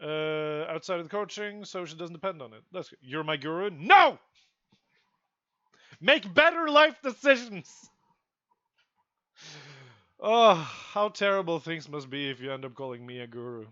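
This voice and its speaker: A young man streaming, ranting to his chat in an exasperated, profane way with sudden loud outbursts. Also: a little high, animated, fairly quick, few pauses, smooth, dry recording, highs cut off.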